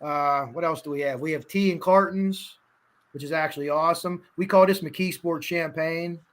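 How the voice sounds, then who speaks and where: A man's voice: a little high, fairly even intonation, moderate pace. A man with a Pittsburgh accent hosting a casual livestream podcast, chatty and rambling, laughing often and restarting sentences. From western Pennsylvania. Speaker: podcast host.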